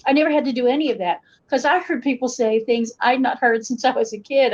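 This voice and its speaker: A middle-aged guest folklorist from western North Carolina, this woman tells lively stories in an Appalachian Southern accent during a casual interview, altering her accent to match listeners. Her voice is a little high and a little fast, with few pauses, captured on muffled lo-fi audio.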